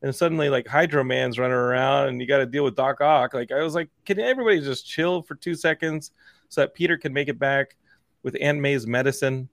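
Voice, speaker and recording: A man in his forties, a podcast host, telling a story in casual chat and acting out the dialogue in lively quoted voices. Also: mid-range voice, fairly quick, no echo, studio quality. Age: 40s.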